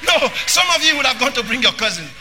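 A man preaching a sermon. He is emphatic, repeats phrases, and breaks into shouting. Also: extremely high pitch, big pitch swings, fast, music in the background.

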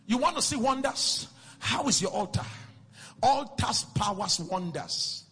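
A man preaching a sermon in a sing-song cadence that swells into shouts, repeating phrases and questioning the congregation. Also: very high-pitched, animated, a little slow, gravelly, slightly rough. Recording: long reverb with faint music.

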